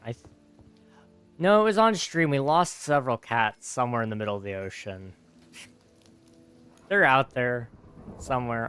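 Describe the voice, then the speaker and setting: A man's voice: mid-range voice, a bit bright, clear, resonant tone. A tired young man casually chatting with his viewers while gaming on a livestream, rambling and answering chat. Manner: easygoing, rambling, reads chat aloud and answers it. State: tired, yawning. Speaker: gaming streamer.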